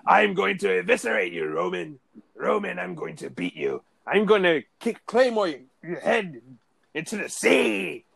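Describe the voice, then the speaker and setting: A man's voice: sits high, wildly swooping pitch, normal speed, gravelly, a bit bright, exaggerated voice. A man doing a blustering British wrestling heel. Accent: British English.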